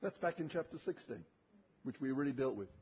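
A male preacher giving an expository sermon, reading scripture slowly and emphatically, with dramatic rises and drops in his voice. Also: mid-range voice, lively intonation, breathy edge. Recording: tinny phone-like sermon recording.

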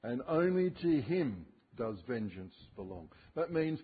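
A male preacher giving an expository sermon, reading scripture slowly and emphatically, with dramatic rises and drops in his voice. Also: medium pitch, very animated, breathy edge. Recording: tinny phone-like sermon recording.

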